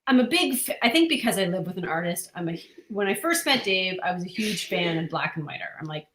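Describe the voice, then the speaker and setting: A woman's voice: on the low side, lively intonation, fairly quick, a bit bright, reverberant, a little hiss or hum. A woman who writes comics, answering interview questions earnestly and at length, with frequent restarts.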